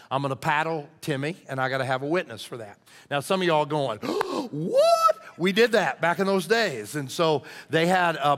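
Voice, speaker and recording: Middle-aged pastor telling stories in a reverberant hall. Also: male voice, a little high. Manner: conversational, animated storytelling that turns hushed and earnest. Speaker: lead pastor. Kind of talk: storytelling sermon.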